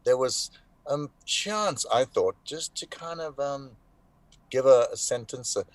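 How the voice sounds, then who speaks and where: A man speaks as an interview guest at an ordinary middle pitch. He tells his story thoughtfully, then pushes a phrase out with force. The sound is dry and close. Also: a little slow, dry recording. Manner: reflective, emphatic storytelling with sudden swings in loudness. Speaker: voice actor guest. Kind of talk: conversational interview answers. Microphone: online live call.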